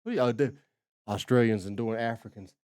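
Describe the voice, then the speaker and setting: A man's voice: mid-range voice, brisk, darkish tone, dry recording, clean studio sound. A man with an American accent reacting to a video in loose, joking talk full of slang and swearing. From United States. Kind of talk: casual reaction commentary.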